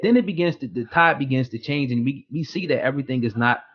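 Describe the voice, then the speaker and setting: A man hosting an online news chat, speaking in a measured way with many fillers. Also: medium pitch, lo-fi sound. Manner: hesitant, lots of fillers, measured. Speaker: host. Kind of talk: casual news commentary.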